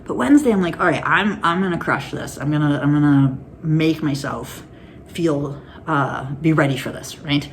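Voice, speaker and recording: A woman's voice: deep voice, normal speed, slight background noise. A woman vlogging to her phone camera in a candid, rambling way, laughing through anxious stories. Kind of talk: casual personal vlog.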